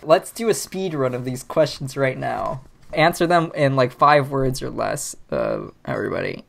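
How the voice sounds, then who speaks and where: A man's voice: medium pitch, big pitch swings, normal speed, creaky, a bit bright. A man hosting a podcast in casual chat, playful and laughing, with lots of fillers. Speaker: podcast host.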